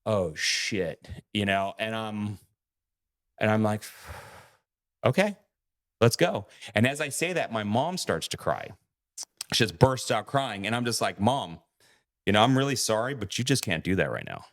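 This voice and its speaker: A man's voice: on the low side, sing-song, normal speed, a bit bright. A man co-hosting a podcast, telling a story in a casual way, acting out quoted lines and swearing freely. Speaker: podcast co-host.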